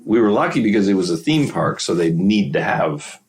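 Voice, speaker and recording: An American man from Wisconsin, a screenwriter and novelist being interviewed, telling stories in a halting way and laughing often. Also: low voice, very animated, darkish tone, slight background noise, poor audio. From Wisconsin, USA. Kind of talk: casual interview answers.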